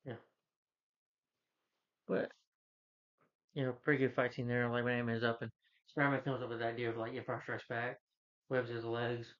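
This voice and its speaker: A man casually recapping a film as a reviewer, rambling with many fillers and quick quoted character lines. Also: mid-range voice, little pitch movement, lo-fi sound. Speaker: movie reviewer.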